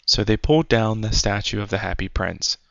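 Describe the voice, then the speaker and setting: A man reading a fairy tale aloud as a storyteller, in a measured, unhurried way. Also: on the low side, gravelly, fairly bright tone, no echo. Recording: dry, dull lo-fi recording.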